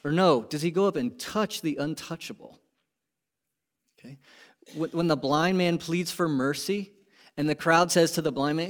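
Pastor, male, slightly high voice, lively and conversational, big emphatic builds. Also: moderate pace. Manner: animated, rising to emphatic peaks then dropping low; conversational asides and rhetorical questions. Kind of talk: sermon.

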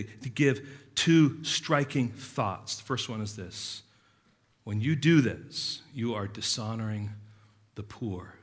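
A pastor preaching a sermon with passion, his delivery swinging from loud emphasis to quiet, earnest asides. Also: lowish voice.

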